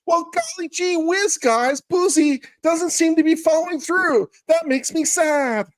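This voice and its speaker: A man doing a high, chirpy goofball voice, sappy and mock-innocent, singing his lines in a sing-song lilt. The sound is close and dry, with no room around it. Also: a little slow, dry recording, low-quality recording. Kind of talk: comedic dramatic reading.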